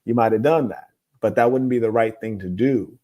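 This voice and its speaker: A man in the host's chair reads viewer letters aloud and comments on them in a steady, lecturing tone. His voice sits at an ordinary middle pitch. His opinions come out blunt and moralizing, yet his delivery stays calm. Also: moderate pace. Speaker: host. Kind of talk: relationship advice commentary, reading viewer letters.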